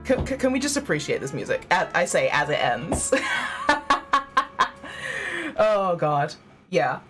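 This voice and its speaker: A woman's voice: low voice, sing-song, measured pace, faint music behind. A young woman streaming a game, chatting casually with viewers, giggling often and poking fun at her own setup. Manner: giggly, chatty, self-deprecating. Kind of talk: casual live-stream chat.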